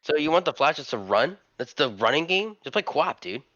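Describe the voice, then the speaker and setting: A man's voice: fairly high pitch, very animated, fairly quick, bright, forceful tone, no echo. Brash swearing man, dry lo-fi sound. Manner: brash, heavy swearing, slangy. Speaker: podcast co-host. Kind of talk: casual chat. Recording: dry, slightly dull lo-fi sound.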